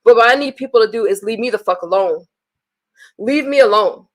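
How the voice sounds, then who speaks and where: Woman, livestreamer, fairly high voice, blunt, profane, exasperated, venting and reading messages aloud. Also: a little fast.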